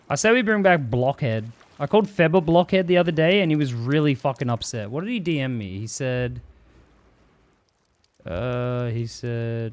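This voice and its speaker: A man's voice: medium pitch, brisk. A man streaming live, chatting casually and swearing freely as he reads viewer messages aloud and jokes about them.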